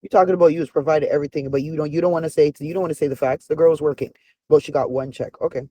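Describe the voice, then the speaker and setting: A commentator in their forties reacts heatedly to a reality show, speaking in a medium-pitched, steady, dark voice. The delivery is blunt and profane, scolding while firing off rapid rhetorical questions.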